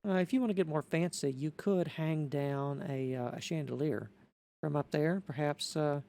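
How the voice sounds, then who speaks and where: A man talking through a building tutorial in an unscripted voice-over, methodical and halting, often correcting himself. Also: fairly high pitch, vocal fry, warm tone.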